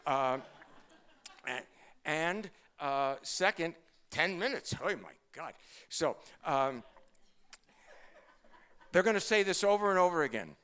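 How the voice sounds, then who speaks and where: An older man delivers a sermon full of quick asides and jokes. His voice is smooth and sits a bit high for a man. He rattles through his stories at speed. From Brooklyn, New York. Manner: fast-talking, joking, animated storytelling. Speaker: rabbi. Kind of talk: humorous sermon.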